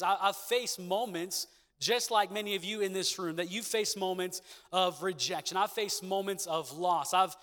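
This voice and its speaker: A young pastor preaches a sermon in church, calling out for responses from the congregation and repeating catchphrases. His high voice is bright and forceful. The recording carries the long echo of a big hall.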